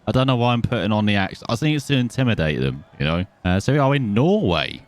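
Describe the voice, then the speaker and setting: A man's voice: on the low side, big pitch swings, fast, few pauses. Chatty man commenting on gameplay. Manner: chatty, self-mocking, easily distracted. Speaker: gaming video host.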